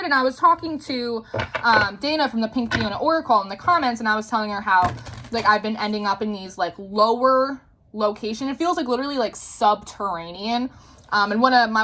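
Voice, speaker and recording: A young woman talks straight to her viewers, spinning a story in a loose, filler-packed way and dropping the odd swear. Her voice sits a little high and has a bright, forward edge. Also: slight background noise, rough recording. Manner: chatty, filler-heavy, swears casually. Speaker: tarot reader. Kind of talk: casual storytelling to camera.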